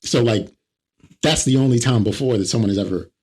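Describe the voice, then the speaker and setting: A man co-hosting a comedy podcast, telling stories in an animated way and mimicking the people in them. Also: medium pitch, fairly quick, breathy edge. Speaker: podcast co-host. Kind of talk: casual comedic chat.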